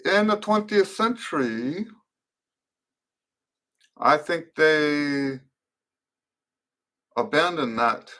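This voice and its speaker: A middle-aged man teaching trumpet players in a live-stream Q and A, explaining in a thoughtful, unhurried way with fillers and restarts. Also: a little high, animated, bright, forceful tone.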